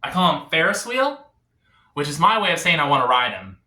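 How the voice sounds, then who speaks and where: Bright, lively stand-up comic in echoey room. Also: male voice, fairly high pitch, a little fast. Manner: confessional, deadpan setups with sudden swings. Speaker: stand-up comedian. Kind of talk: stand-up comedy set.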